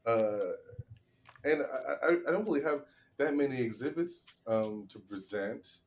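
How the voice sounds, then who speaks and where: A man, a comedian, arguing the defense in a comedy podcast mock trial, halting with many repeated starts. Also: medium pitch, slight background noise.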